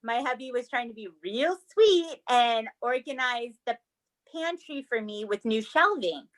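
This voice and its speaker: A woman's voice: fairly high pitch, expressive, measured pace, fairly bright tone. A woman co-hosting a casual true-crime podcast, chatty and laughing often. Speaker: podcast co-host. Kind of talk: casual chat.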